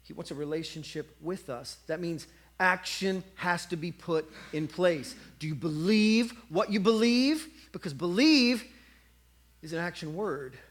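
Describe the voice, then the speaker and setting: A man's voice: high voice, animated, unhurried. A man preaching a sermon, telling a story and acting out the voices of a cheering crowd.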